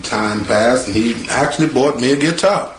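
A man, a guitarist from North Carolina, telling his life story in a lively, colloquial way. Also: medium pitch, moderate pace. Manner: colloquial, lively, acts out voices with laughter. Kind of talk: animated spoken storytelling. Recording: roomy sound with faint guitar behind.

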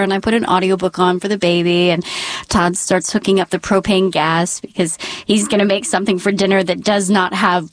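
A woman telling a personal story to an audience, dramatic and dropping into hushed whispers for suspense. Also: mid-range voice, dry recording.

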